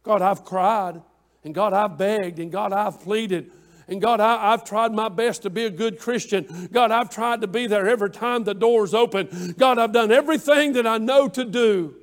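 A man preaching a sermon with passion, repeating phrases in cadence and swinging between hushed pleas and shouts, in a church room. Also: high voice, moderate pace. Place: church room with online viewers.

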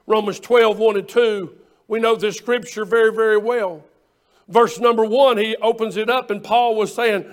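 A man's voice: high voice, moderate pace. A male pastor preaching a sermon, quoting scripture in old-fashioned wording and repeating phrases for emphasis.

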